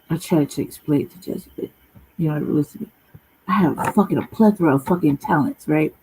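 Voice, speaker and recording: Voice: mid-range voice, dark tone, breathy edge, rough recording. A channel host telling a long personal story in a casual, profane, rambling monologue full of slang.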